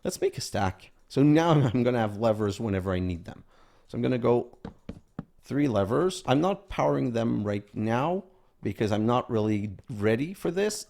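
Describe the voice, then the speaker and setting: Gravelly man narrating his modded gameplay. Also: mid-range voice, lively intonation, moderate pace, a little mellow. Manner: thinks aloud, counts items under his breath. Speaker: gaming video host. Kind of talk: casual game commentary.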